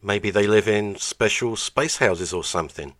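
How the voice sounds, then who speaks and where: A man's voice: lowish voice, moderate pace, fairly bright tone. A man narrating over archive clips, making sarcastic, dry asides.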